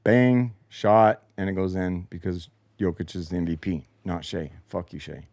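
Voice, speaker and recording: A man hosts a post-game replay breakdown in a lowish voice, sarcastic and frustrated, swearing freely as he reacts. His voice sits close to the mic with a dry, deadened sound. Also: steady tone, moderate pace, creaky, a little mellow, no echo. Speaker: show host. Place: home basement.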